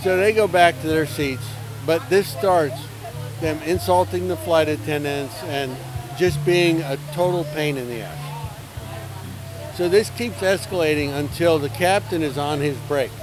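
A man's voice: fairly high pitch, a little slow, over music, poor audio. A man who flies airliners, casually telling an anecdote and acting out the people in it. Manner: animated anecdote-telling with acted-out quotes. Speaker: airline pilot telling stories. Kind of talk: casual storytelling.

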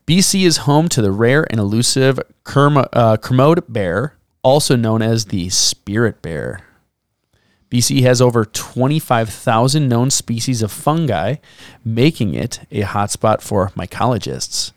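A man's voice: medium pitch, lively intonation, unhurried, no echo. Dry-voiced man joking through research notes. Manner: jokey, drops wry asides between facts. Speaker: podcast co-host. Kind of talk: casual podcast chat reading out research notes.

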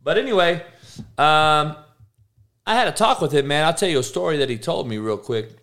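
A man hosting a podcast, ranting casually with heavy swearing, rambling tangents and loud bursts of disbelief. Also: a little high, lively intonation, moderate pace. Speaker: podcast host. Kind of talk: casual sports podcast rant.

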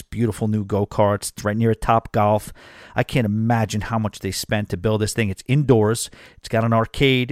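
A man's voice: on the low side, no echo, clean studio sound. Chatty New podcast host, man. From New York. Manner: chatty and animated, with frequent fillers. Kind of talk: casual podcast storytelling.

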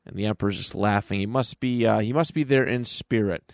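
A man's voice: lowish voice, fairly quick, vocal fry, dry recording. A man co-hosting a podcast, recapping a comic book in a casual, rambling way on a close mic. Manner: casual, with frequent fillers and restarts. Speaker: podcast co-host.

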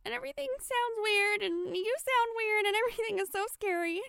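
A woman's voice: extremely high pitch, a little fast, creaky, pushed and bright, no echo, voice pushed up, exaggerated voice. A woman playing a frightened little werewolf girl. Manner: tearful, confused and pleading.

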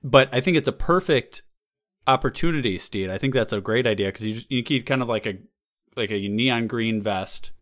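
A man co-hosting a podcast, chatting loosely and joking around. He laughs easily and spins each idea into a bigger bit. His voice sits in an ordinary middle pitch. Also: moderate pace, fairly bright tone. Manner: playful, laughs often, riffs on bits. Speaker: podcast co-host. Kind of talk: casual comedic chat.

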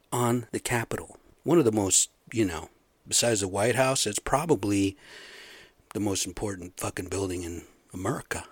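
A man's voice: lowish voice, slightly rough, no echo. A middle-aged man giving a blunt, profane, rambling solo rant in casual talk. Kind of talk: casual monologue.

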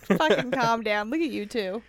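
A woman's voice: fairly high pitch, normal speed, crowd noise. A woman co-hosting a podcast, teasing and swearing in casual chat. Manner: sassy, swearing, animated teasing. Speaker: podcast co-host.

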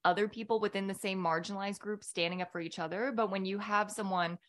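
Thoughtful woman guest, mid-pitched voice. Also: steady tone, fast talker. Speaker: guest, author and former reporter. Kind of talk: conversational interview.

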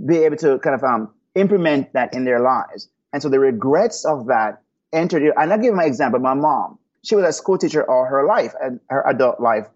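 Earnest husky-voiced man telling stories. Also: mid-range voice, highs cut off. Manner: earnest, preacherly storytelling. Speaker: guest. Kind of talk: podcast interview answers.

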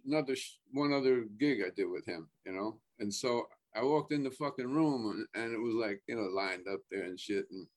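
A man's voice: medium pitch, a little fast, hardly any pauses. A man chatting casually as a guest actor, starting over and repeating words, swearing offhand. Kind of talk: casual podcast chat.

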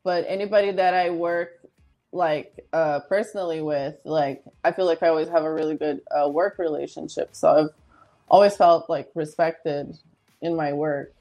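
A woman guest in a casual interview, with a slightly low voice. She speaks easily and unhurriedly, scattering fillers through her answers, while faint music plays underneath. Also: fairly even intonation, normal speed, warm tone. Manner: easygoing, many "like" fillers. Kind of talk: casual chat.

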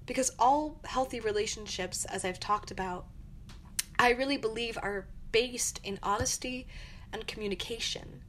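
A woman's voice: a little high, normal speed, a bit bright, a little hiss or hum. A young woman hosting her own podcast, giving earnest, encouraging advice in a reflective monologue. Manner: earnest, encouraging, acts out angry quotes. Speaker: podcast host.

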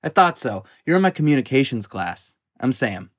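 A woman's voice: extremely low pitch, big pitch swings, voice pushed down, full character voice. Woman voicing awkward, flirty college jock. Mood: friendly. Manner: halting, stammering, hushed. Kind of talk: dramatized audio fiction.

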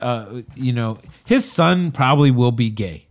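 A man's voice: mid-range voice, expressive, measured pace. A man co-hosting a casual podcast, giving his opinions in a rambling way, often repeating himself. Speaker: podcast co-host.

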